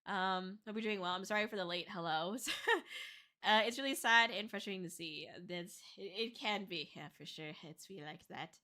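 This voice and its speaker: A young woman streamer chatting casually with her viewers, soft and emotional, teary after crying and laughing between thank-yous. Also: medium pitch, moderate pace. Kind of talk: casual livestream chat reading comments.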